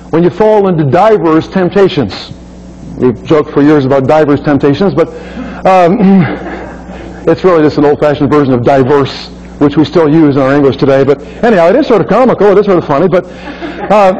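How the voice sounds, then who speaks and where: A man's voice: sits high, dark tone. A man giving a lecture, explaining step by step and often asking his listeners whether they follow. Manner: explains step by step, asks the audience questions; clears his throat. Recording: dull lo-fi recording.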